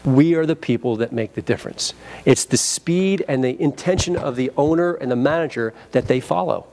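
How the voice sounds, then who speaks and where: An energetic man teaches a sales training session in a convention seminar room at a middle pitch and normal speed. He acts out phone greetings and has the audience repeat lines back to him.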